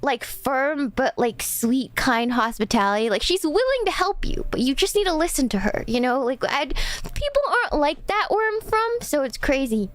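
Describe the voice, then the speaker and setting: A woman's voice: sits high, sing-song, moderate pace. A woman streamer chatting casually, rambling and chatty, full of "like" and restarts. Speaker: streamer host. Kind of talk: casual livestream chat.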